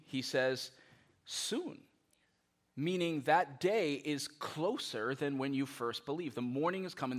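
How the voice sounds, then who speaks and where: A man preaching a sermon as pastor, animated and conversational, with many rhetorical questions. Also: mid-range voice.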